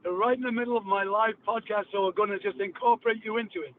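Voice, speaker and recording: A man's voice: high-pitched, fairly even intonation, fast talker. A man hosting a live podcast while driving, talking in brash showman patter over a phone call. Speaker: radio podcast host on a call. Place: driving in a car. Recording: tinny phone line, road noise.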